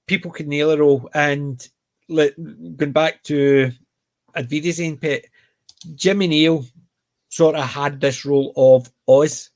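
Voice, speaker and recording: Chatty glaswegian man, higher voice. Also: a little mellow. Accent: light Glaswegian Scottish. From Scotland. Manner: chatty, storytelling with repeated phrases. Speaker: panel host. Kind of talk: casual chat.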